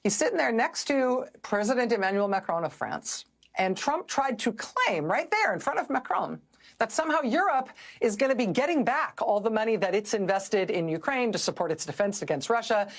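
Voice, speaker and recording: A woman's voice: fairly high pitch, very animated, normal speed. A middle-aged woman hosting a news show, delivering sardonic, incredulous commentary.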